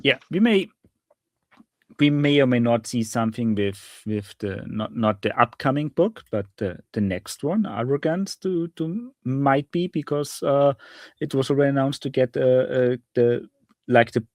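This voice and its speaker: A man co-hosting a casual hobby podcast, speaking at an ordinary middle pitch. He talks in a thoughtful way, often restarting as he searches for the right word. His voice is recorded very dry, with no room sound. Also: expressive, a little slow, dry recording. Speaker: podcast co-host.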